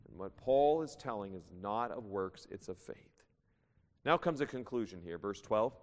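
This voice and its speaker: A man preaching a sermon with strong emphasis, reading scripture aloud and swinging his voice high and low. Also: lively intonation, normal speed. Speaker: pastor. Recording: long reverb of a church hall.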